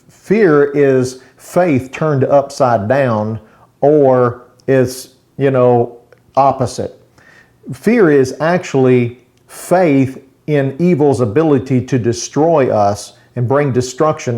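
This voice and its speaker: A man, a pastor, giving a short daily devotional teaching in a plain, conversational way with folksy asides, slowing down to stress key points. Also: medium pitch, a little mellow.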